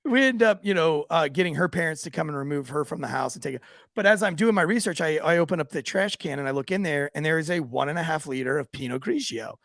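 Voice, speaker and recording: A man, a former police officer, co-hosting a podcast and telling profane, animated stories in casual chat. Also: a little high, quick pace, vocal fry, no echo, clean studio sound.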